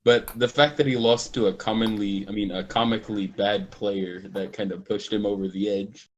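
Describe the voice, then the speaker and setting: A man's voice: on the low side, steady tone, normal speed, muffled recording. A young man in casual gaming chat on a podcast, teasing and jokey.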